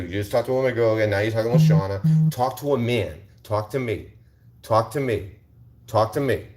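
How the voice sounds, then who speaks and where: A man's voice: on the low side, a little mellow. A man hosting a livestream, confrontationally ranting at viewers in the chat, repeating rhetorical questions and swearing. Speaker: livestream host. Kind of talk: heated livestream rant.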